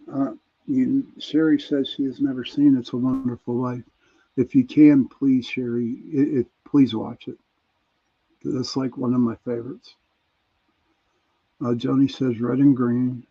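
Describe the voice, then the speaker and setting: Man, Pittsburgh accent, radio host, raspy, easygoing, reading out listener replies. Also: medium pitch. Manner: reads out listener messages, chuckling, easygoing. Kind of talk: casual call-in chat reading listener answers. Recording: dull lo-fi sound.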